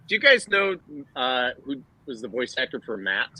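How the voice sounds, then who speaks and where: A man's voice: mid-range voice, sing-song, normal speed, pushed and bright, poor audio. A man on a live panel, eager and stammering as he asks questions. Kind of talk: casual panel talk.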